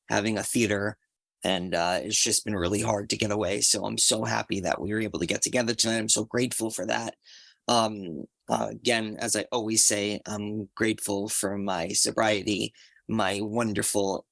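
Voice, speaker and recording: Man, gushing, repeats himself, rough voice, dry close sound. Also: on the low side, no room sound. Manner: warm, repetitive and gushing. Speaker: recovery group member. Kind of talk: group sharing.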